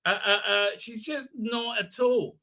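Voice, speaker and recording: A man's voice: high voice, measured pace, bright, forceful tone. A man hosting a live show, sarcastically commenting on a TV episode and mocking its characters in put-on voices, with lots of fillers and restarts. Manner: sarcastic, mocking, acts out quotes in exaggerated voices. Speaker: host.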